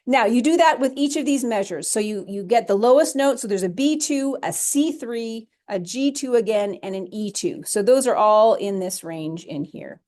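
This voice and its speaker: A woman music theory instructor talking through a software lesson step by step in a chatty, self-correcting way. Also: fairly high pitch, lively intonation, normal speed, hardly any pauses. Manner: chatty, talks through steps as she clicks, self-correcting. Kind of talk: recorded screen-share lesson.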